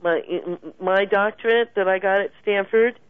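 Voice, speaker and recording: Woman, animated storyteller, laughs a lot, tinny phone line, dry sound. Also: medium pitch, moderate pace, smooth, no room sound. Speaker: guest. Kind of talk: casual phone interview.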